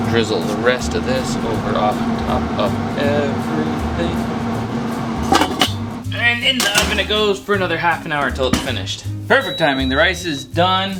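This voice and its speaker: A man hosting his own cooking video, chatting casually as he cooks and laughing at his own mistakes. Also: a little high. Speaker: cooking channel host.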